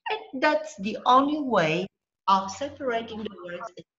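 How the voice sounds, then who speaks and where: A woman teaching a language lesson online, patient and deliberate, breaking words into syllables and checking in with the student. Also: on the high side, lively intonation, a bit bright, highs cut off. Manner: patient, slow, spells out syllables and checks with "okay?".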